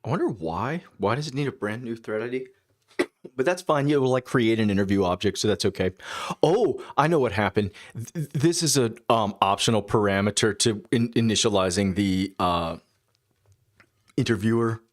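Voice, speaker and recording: Guy w a lowish voice livestreaming code, thinking out loud, mumbly little asides. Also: lively intonation, normal speed. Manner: musing, half-muttered asides to himself. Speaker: developer livestreaming his coding. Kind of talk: casual thinking-aloud commentary.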